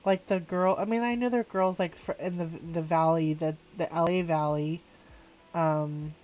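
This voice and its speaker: A woman's voice: fairly low pitch, steady tone, normal speed, a little mellow, faint music behind. A woman, chatting casually on a live stream while she draws. She rambles, laughs often and keeps saying "like". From California, USA. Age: 40s. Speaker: artist streaming a live coloring session.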